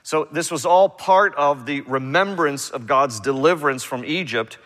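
A man preaching a verse-by-verse sermon as pastor, in a conversational, animated way with quick asides. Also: a little high. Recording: long hall reverb.

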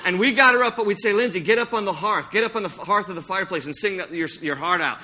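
Animated, bright-voiced pastor preaching. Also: male voice, high-pitched, racing, few pauses, a little hiss or hum. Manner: animated, acts out anecdotes with playful sung impressions. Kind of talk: sermon. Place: church sanctuary.

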